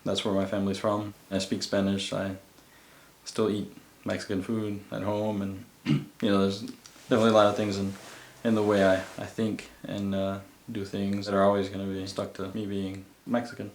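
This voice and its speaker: Flat-voiced man in an echoey room. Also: fairly low pitch, normal speed, a little hiss or hum. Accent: Southern US. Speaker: interviewee. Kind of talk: reflective interview talk. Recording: roomy echo.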